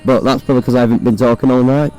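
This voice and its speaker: A young man with a hoarse, croaky voice, chatting casually and swearing while riding a motorbike, recorded on a phone inside his helmet. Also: mid-range voice, steady tone, rapid-fire, mellow, faint music behind, low-quality recording. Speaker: motovlogger. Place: on a motorbike on city roads.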